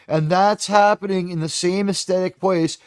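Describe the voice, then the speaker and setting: Man, casual film review, rambling, swears a lot, full of fillers, slightly high pitch, dry close mic. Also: steady tone, normal speed, clean tone, no echo. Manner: rambling, profane, with many fillers. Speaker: movie reviewer.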